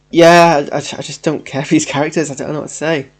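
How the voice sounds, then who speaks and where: A young man with a West Yorkshire accent giving a rambling, hesitant live reaction to a trailer, stammering and repeating himself. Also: a little high. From Yorkshire, England. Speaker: YouTube reviewer.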